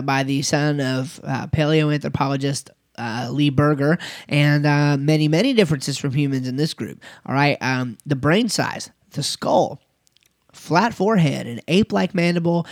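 A man's voice: a little high, dry recording, studio quality. A man teaching a recorded lesson, speaking conversationally with frequent fillers and restarts. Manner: conversational, with fillers and occasional laughs. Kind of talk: recorded lecture.

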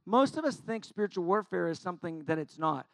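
A middle-aged male Bible teacher preaches in a casual, animated way, with a fairly high, gravelly voice. He acts out little quotes and pokes fun at himself. The sound is close and dry. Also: brisk, no echo. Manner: animated and conversational, acting out quotes with self-deprecating humor. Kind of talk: informal sermon.

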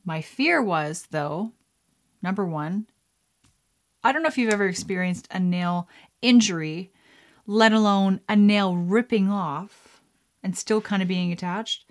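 A woman's voice: mid-range voice, unhurried, pauses often. A woman vlogger chatting casually while powdering her face, rambling with laughs and whispered asides. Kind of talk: casual chat while doing makeup.

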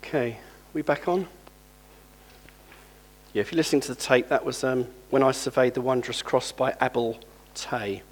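A male preacher giving a sermon, reading scripture aloud and lively calling on the congregation to respond. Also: mid-range voice, normal speed.

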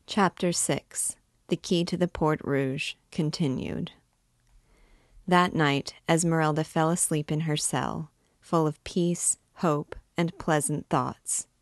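A woman reading a classic novel aloud as a guide, in a measured and deliberate way. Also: low-pitched, steady tone, dry recording, clean studio sound. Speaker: book reader and guide.

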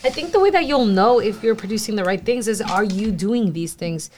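A young woman whose first language is Spanish, sharing earnestly in a casual church group discussion. She pauses to find English words and acts out little quoted voices. Her voice sits at a middle pitch. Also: lively intonation, darkish tone, a little hiss or hum. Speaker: church youth group member.

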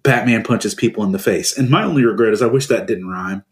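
A man co-hosting a casual podcast chat, animated and jokey, reading quoted lines aloud with feeling. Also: lowish voice, fast talker. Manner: jokey, laughs while talking. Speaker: podcast co-host.

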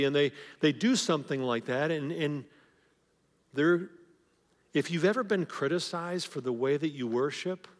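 A man's voice: fairly high pitch, normal speed. A man preaching a sermon as pastor, talking in a conversational way and often repeating words as he starts a phrase. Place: church sanctuary. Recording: long hall reverb.

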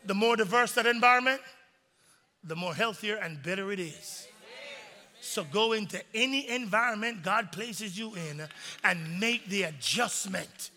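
A male pastor preaching a sermon in a large church, animated and calling on the congregation to respond. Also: high-pitched, measured pace. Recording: long reverb in a large sanctuary.

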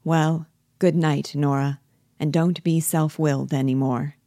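Woman voicing a calm firm friend, quiet plain speech, low voice, dry sound, read-aloud play. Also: measured pace, no room sound.

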